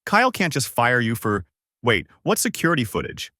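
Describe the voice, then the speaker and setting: A man's voice: mid-range voice, huge pitch swings, moderate pace, no room sound, studio quality. A man voicing a tense young woman who urgently reports what she sees, in an audiobook. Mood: feigned confusion. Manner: urgent, hushed play-by-play. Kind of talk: audiobook character voice.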